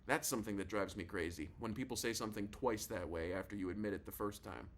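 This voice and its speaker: A man's voice: lowish voice, quick pace. A male narrator giving a casual, confiding first-person reading of a novel. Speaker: audiobook narrator.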